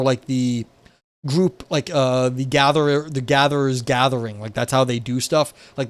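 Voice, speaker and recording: A young streamer offers casual commentary as he reads philosophy, cutting in with wry, profane remarks, lots of "like" and restarts. He sits at a desk by a window indoors, and his medium-pitched voice is steady at normal speed.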